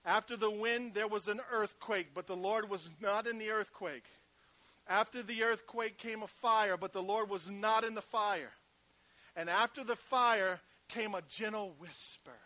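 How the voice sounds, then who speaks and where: A man preaching with a high, bright voice that carries. He moves from loud, emphatic calls down to soft, hushed passages, drawing the congregation in with quick conversational asides. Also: no echo. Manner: conversational, uses call-and-response asides. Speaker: pastor. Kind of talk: sermon.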